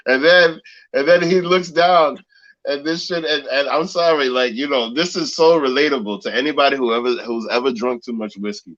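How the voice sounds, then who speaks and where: A man's voice: medium pitch, normal speed. A man co-hosting a casual podcast, telling a story with lots of energy and laughing often. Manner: animated storyteller, laughs often, mimics sounds. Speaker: podcast co-host. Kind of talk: casual chat. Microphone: phone. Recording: lo-fi muffled sound.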